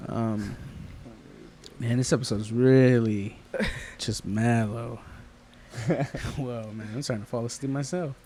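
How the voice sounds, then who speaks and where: Warm and mid-range, this man's voice moves slowly with long pauses and fairly even intonation, over a faint hiss or hum. He's a co-host on a casual podcast, rambling through long stories and voicing the people in them.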